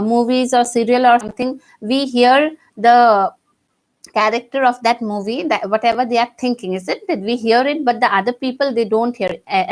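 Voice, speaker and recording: Hesitant Indian English woman teacher. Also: a little high. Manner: hesitant, many fillers and restarts. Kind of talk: explaining a play line by line.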